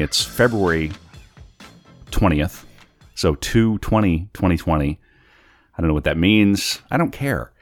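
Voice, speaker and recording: A man hosting a podcast, chatting casually and laughing easily, recorded in a home setting. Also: low voice. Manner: laughs often, easygoing. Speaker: podcast host. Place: home in a city apartment.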